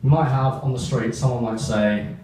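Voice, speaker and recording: A young man performs a stand-up set, his deadpan asides pointing out his own jokes. His voice sits at an ordinary pitch and sounds distant, in a very echoey room with a faint hiss behind. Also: moderate pace. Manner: deadpan asides, self-aware about the joke. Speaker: stand-up comedian. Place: comedy stage. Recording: echoey room heard from far off.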